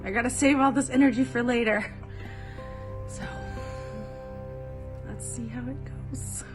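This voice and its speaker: A woman's voice: fairly high pitch, fairly even intonation, measured pace. A young woman talking casually in an interview as a live-action role-player, enthusiastic and reflective. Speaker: LARP player. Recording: roomy echo with faint music.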